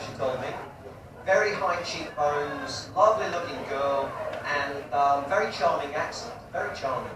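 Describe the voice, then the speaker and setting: A man doing a stand-up comedy set in front of a live audience, chatty and crude and teasing the crowd. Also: a little high. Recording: echoey live room, distant mic, audience noise.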